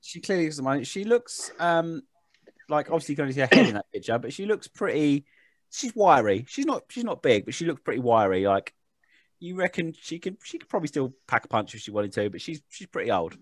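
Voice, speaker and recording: A man's voice: on the high side, very animated, fairly quick, no echo. A man, game master, narrating a tabletop game in a rambling, self-mocking way.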